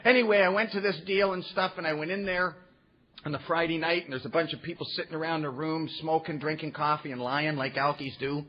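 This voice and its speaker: A man's voice: on the high side, steady tone, brisk. A man sharing his recovery story with a meeting audience, earnest and folksy, throwing in rhetorical "huh?" asides. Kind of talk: personal storytelling talk to an audience. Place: meeting room before an audience. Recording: muffled recording with faint background noise.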